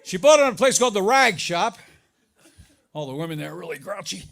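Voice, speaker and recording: A middle-aged man doing a stand-up comedy set, telling stories about his marriage, his voice jumping up high for the punchlines. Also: a little fast, vocal fry, slight background noise. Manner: animated storytelling, voice jumps up for punchlines. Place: live comedy venue with audience laughter.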